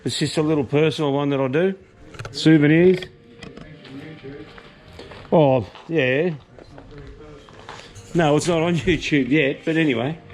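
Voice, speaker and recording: A man's voice: fairly high pitch, fairly even intonation, normal speed, long pauses. An Australian man hosting a casual walk-and-talk vlog about pubs, chatty and rambling with casual swearing, recorded on a handheld camera outdoors and inside a country pub. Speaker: vlog host touring pubs.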